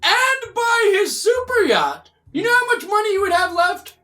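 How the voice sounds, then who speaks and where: Brief: shrill, bright-voiced woman, loud profane comic podcast co-host. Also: big pitch swings, normal speed, faint music behind. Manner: loud, shouting, swears often. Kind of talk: profane comedic rant.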